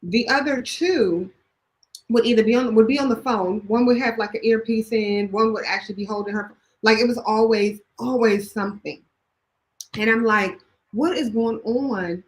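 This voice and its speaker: A woman's voice: a little high, fairly even intonation, moderate pace, low-quality recording. A woman from Washington DC co-hosting a casual chat show, telling stories emphatically and playfully. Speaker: co-host.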